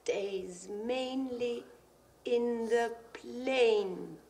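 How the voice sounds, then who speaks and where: A high, very slow young woman pronounces each word with careful elocution. The old film soundtrack has a long hall reverb. Soft music plays underneath. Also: heavily acted. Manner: careful, drawn-out diction.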